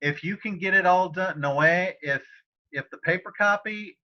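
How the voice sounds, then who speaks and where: This Spanish tutor speaks at normal speed in a high-pitched voice, chatting casually through lots of fillers and restarts. He's on a video call using his computer mic, and the sound comes through slightly dull.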